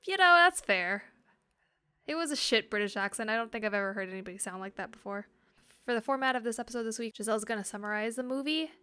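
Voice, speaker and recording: A woman's voice: a little high, very fast, a bit bright, clean tone. A woman co-hosting a podcast, chatting casually and animatedly, laughing easily. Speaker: podcast co-host.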